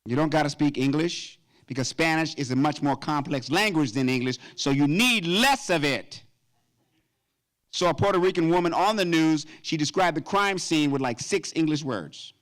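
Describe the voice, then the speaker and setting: A man in his fifties performing a stand-up comedy routine at a gala, animated and breaking into high falsetto song snippets. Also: moderate pace. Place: event stage before a live audience.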